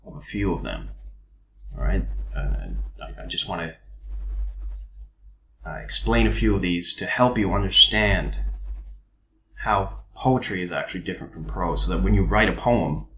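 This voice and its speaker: A very deep-voiced man gives a recorded lesson, explaining slowly and filling pauses with ums and uhs. The sound is a little dull and lo-fi, with faint clicking and writing behind him. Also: bright, forceful tone, roomy sound, a little hiss or hum. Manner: unhurried explanatory delivery with frequent ums and uhs. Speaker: teacher.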